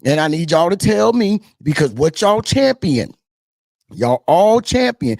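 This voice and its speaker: A male host with a Southern US twang giving casual political commentary straight to his viewers, animated and preachy, repeating his points and calling the audience y'all. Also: fairly high pitch, a little slow, vocal fry, no room sound, studio quality. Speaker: political talk show host.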